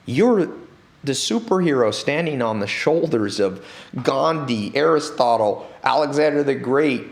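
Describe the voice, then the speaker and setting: Man, interview guest, animated storytelling, mid-range pitch, acts out quoted people, studio. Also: measured pace, creaky.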